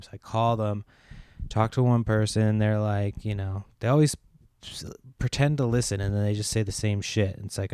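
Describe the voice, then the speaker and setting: A low-voiced man hosts his podcast, rambling through a frustrated story with plenty of swearing. The recording is dry and close, with no room sound. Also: darkish tone, dry recording. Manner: profane, exasperated storytelling. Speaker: podcast host. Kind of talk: casual rambling monologue.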